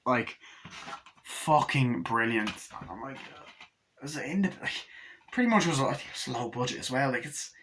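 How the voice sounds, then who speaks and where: A man giving a casual, rambling movie review, excitable and full of profanity. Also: medium pitch, moderate pace, slight background noise.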